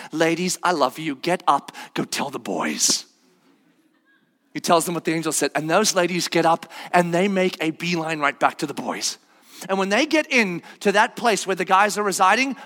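A man's voice: high-pitched, sharp tone. A male preacher telling a story animatedly in a sermon, acting out the voices. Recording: long hall reverb.

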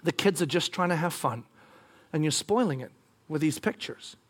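A man doing a soft-spoken, gentle wife. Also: fairly high pitch, lively intonation, normal speed, pitched below the performer's own voice. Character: kind, careful adult wife.

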